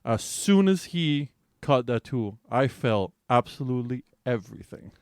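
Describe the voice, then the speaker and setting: A man co-hosting a casual podcast tells a raunchy story, swearing freely and laughing as he goes. His voice sits at an ordinary middle pitch. The sound is dry and close, with no room around it. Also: unhurried, smooth, dry recording. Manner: animated, profane, laughing storyteller. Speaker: podcast co-host.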